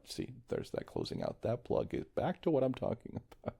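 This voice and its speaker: A man hosting a solo podcast, talking in a reflective, meandering way, quietly worried and often restarting his sentences. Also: fairly low pitch, huge pitch swings, brisk, creaky, slightly rough. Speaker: podcast host. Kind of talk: casual solo podcast monologue.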